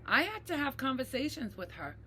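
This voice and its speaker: A woman talking earnestly to her viewers, reflective and slow to repeat key phrases, often checking in with "right?" and addressing them as "you guys". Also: high-pitched, very animated, sharp tone, slight background noise. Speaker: mental health advocate. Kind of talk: personal talk to camera.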